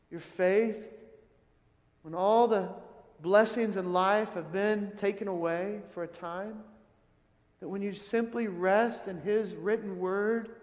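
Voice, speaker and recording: Male pastor, sermon, earnest, questioning, high-pitched, long hall reverb. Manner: earnest, asks the listeners many questions.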